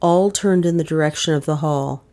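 A woman reading a mystery novel aloud in measured, dramatic narration. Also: low voice, dark tone. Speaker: audiobook narrator.

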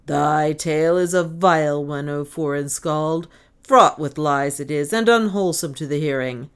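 A woman voicing a proud old male Viking chieftain who speaks loudly and sternly in archaic words. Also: low-pitched, normal speed, clean tone. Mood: outraged. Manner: loud, stern, archaic speech.

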